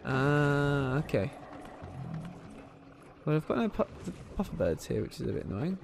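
A man's voice: fairly high pitch, very animated, moderate pace, gravelly, background noise. A man hosting a gaming channel, chatting casually and enthusiastically over his gameplay with frequent ums.

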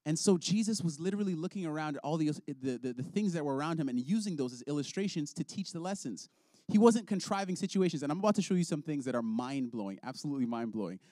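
A man leading a prayer and teaching children's ministry workers, telling stories in an earnest, animated way. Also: fairly high pitch, fast, no echo, clean studio sound. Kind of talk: prayer and teaching talk with storytelling.

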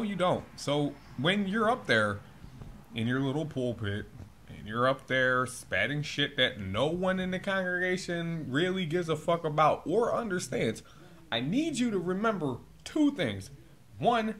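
A man's voice: fairly high pitch, big pitch swings, normal speed, fairly bright tone, a little hiss or hum. A man delivering a profane comedic rant, swearing constantly in a laid-back drawl that flares up in exasperation. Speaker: vlogger.

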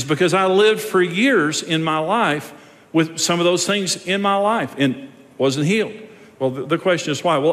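Male pastor, higher-pitched voice, conversational preaching in a long-reverb auditorium. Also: fairly bright tone. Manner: conversational preaching, rising to emphatic. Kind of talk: sermon.

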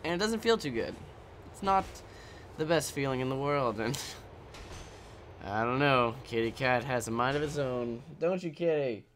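A man's voice: medium pitch, lively intonation, measured pace, fairly bright tone, a little hiss or hum. A man giving casual let's-play commentary while he games, rambling, joking and swearing. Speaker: gameplay commentator.

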